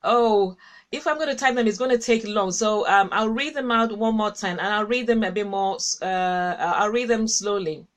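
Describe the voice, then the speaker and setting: A woman's voice: mid-range voice, moderate pace. A woman hosting a casual Christian livestream, chatting with viewers, reading their comments aloud and laughing often. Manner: warm, chatty, laughs often, repeats herself. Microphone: webcam or phone with a cable.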